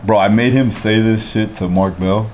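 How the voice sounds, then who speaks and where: A man's voice: lowish voice, fairly even intonation, moderate pace, darkish tone, slight background noise. A male podcast host chats casually, swearing and urging his guest on. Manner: casual, swears, laughs along. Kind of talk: casual chat.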